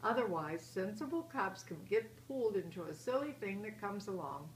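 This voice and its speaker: A woman's voice: mid-range voice, animated, normal speed, roomy sound, distant mic, slight background noise, natural voice. A woman reading as a bemused father bear.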